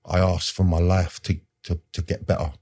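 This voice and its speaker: A man's voice: low-pitched, flat delivery, normal speed, warm tone, slightly rough. A man, a podcast guest telling his personal story in an earnest, rambling way with street slang and lots of fillers.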